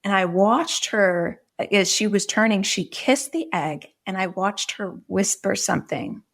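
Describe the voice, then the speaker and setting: A woman's voice: medium pitch, measured pace, a bit bright. A middle-aged woman, a podcast guest, earnestly retelling a personal story in vivid detail.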